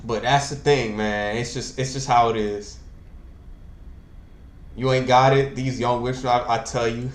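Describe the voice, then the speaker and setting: A man's voice: medium pitch, level tone, measured pace, pauses often. Young man, host, rambling slangy chat, echoey room. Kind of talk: casual chat.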